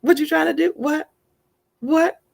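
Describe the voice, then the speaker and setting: Mocking female inner critic played by a woman, sassy and needling, higher-pitched, gravelly edge. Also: exaggerated voice. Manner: needling, sassy rapid questions.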